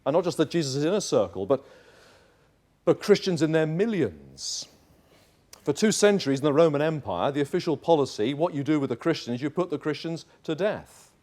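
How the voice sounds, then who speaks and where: A man's voice: on the high side, big pitch swings, moderate pace, darkish tone. A male pastor preaching a sermon in church, emphatic and acting out little dialogues.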